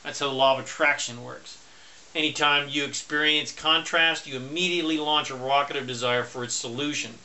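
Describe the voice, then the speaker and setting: A man giving a motivational self-help talk, speaking loud and emphatic and slowing down to stress key points. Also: a little high, steady tone.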